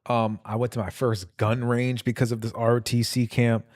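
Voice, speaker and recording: A man's voice: mid-range voice, flat delivery, normal speed, darkish tone, no echo, clean studio sound. A young man casually telling long, rambling stories on a stream, with loose slang and frequent laughter. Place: home.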